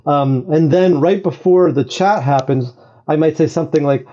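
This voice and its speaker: A man talking as a podcast guest, explaining at length in an animated way and often checking in with "right?". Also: a little high, moderate pace, highs cut off. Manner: animated, talks in long explanations with frequent "right?". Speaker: guest, AI games designer. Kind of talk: conversational explanation.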